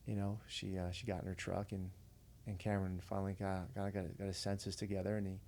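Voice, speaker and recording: A man's voice: low-pitched, little pitch movement, a little fast, vocal fry, darkish tone, slight background noise. A man who is a veteran and podcast guest, earnestly telling a story in a casual, conversational way. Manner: earnest, conversational, retells dialogue.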